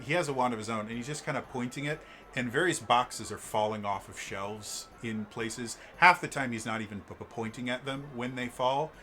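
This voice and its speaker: A man narrating as the game master of a tabletop role-play, describing scenes haltingly with many fillers. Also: mid-range voice, bright, forceful tone.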